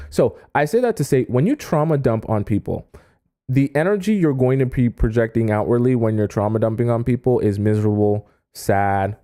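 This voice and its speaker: A man's voice: medium pitch, dark tone. A man giving dating advice on a live stream in a conversational way, often checking in with "okay?" and "right?". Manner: acts out quoted people in a raised voice. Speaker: dating coach.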